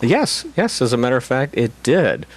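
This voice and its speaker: A middle-aged man talks casually as a guest on a talk show. He delivers his stories with a dry, deadpan, self-mocking wit. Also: mid-range voice, moderate pace. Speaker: guest actor. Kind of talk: casual chat.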